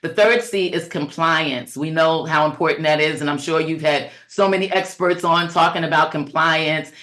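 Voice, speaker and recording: A woman's voice: low voice, steady tone, moderate pace, fairly bright tone. A middle-aged woman coaching childcare owners in a webinar talk, earnest and conversational with many fillers, and preacherly as she cites scripture.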